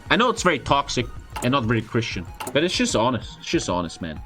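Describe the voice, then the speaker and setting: A young man, a streamer, telling a story in casual, profane, expressive chat. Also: mid-range voice, fast talker, faint music behind. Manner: profane, expressive, frequent swearing.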